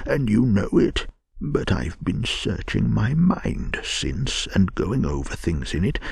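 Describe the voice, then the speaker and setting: A man voicing an impulsive, boastful male toad who speaks excitably, in a whispered bedtime story. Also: low-pitched, creaky, breathy edge, dry recording, clean studio sound, exaggerated voice. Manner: excitable, pleading.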